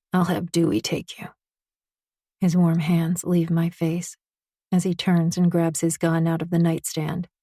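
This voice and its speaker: Audiobook narrator: woman, low husky voice, intimate first-person romance read, dry close booth sound. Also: dark tone, dry recording. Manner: intimate, confessional reading.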